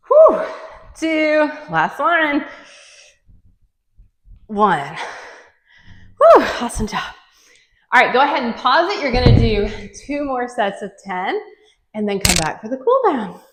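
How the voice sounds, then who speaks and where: A woman's voice: fairly high pitch, sing-song, a little slow, long pauses, fairly bright tone, reverberant. A woman fitness instructor leading a workout, counting reps aloud and encouraging, a bit out of breath as she moves.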